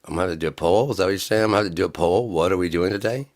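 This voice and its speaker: A low-pitched man talks rapid-fire on a live stream about practicing music. He's rambling and sarcastic, now and then bursting into mock-angry yelling.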